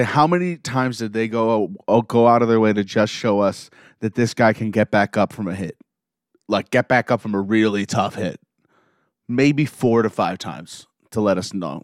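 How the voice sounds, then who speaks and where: Excitable man recapping an episode. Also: lowish voice, no echo, studio quality. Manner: emotional, reads scenes aloud with excited asides. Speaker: show recapper. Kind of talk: casual episode recap and reaction.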